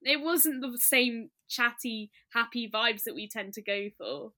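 A woman's voice: on the high side, unhurried, bright, forceful tone. A young woman co-hosting a podcast, chatting enthusiastically and rambling a little about food. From France. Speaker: podcast co-host. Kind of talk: casual chat.

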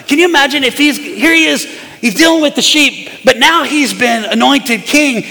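A man preaching a sermon as pastor, firing rhetorical questions at the congregation and swinging between loud and hushed delivery. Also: extremely high pitch, moderate pace, creaky. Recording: long reverb of a large hall.

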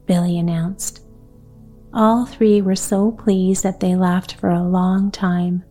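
A woman reading a gentle bedtime story aloud in a soft, unhurried way. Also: fairly low pitch, level tone, faint music behind.

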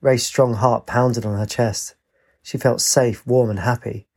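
A man reading a story aloud in a steady, unhurried manner. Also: mid-range voice. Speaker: narrator. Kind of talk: storybook narration.

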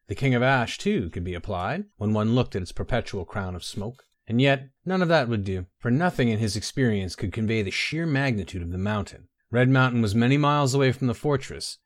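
A man narrating a fantasy story in a measured, even storytelling manner. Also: fairly low pitch, dry recording, studio quality.

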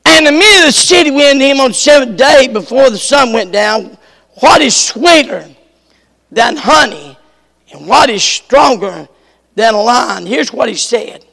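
A male preacher reading scripture aloud and explaining it, with bursts of shouting. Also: very high-pitched, expressive, a little slow, creaky, long reverb tail. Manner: reads scripture then explains it, rising to shouts. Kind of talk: sermon.

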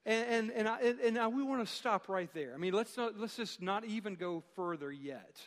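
A man preaching a sermon as pastor, speaking emphatically with dramatic pauses and rhetorical questions. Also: high-pitched, lively intonation, big-room sound.

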